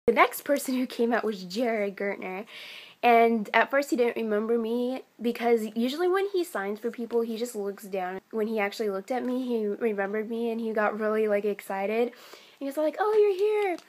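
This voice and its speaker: Chatty, excitable teenage girl. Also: on the high side, normal speed. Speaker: vlogger. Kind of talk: casual storytelling vlog.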